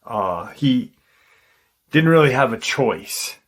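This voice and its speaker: A man hosting a paranormal channel, casually retelling a witness's encounter in a halting way, with frequent ums and restarts. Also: medium pitch, expressive, a bit bright.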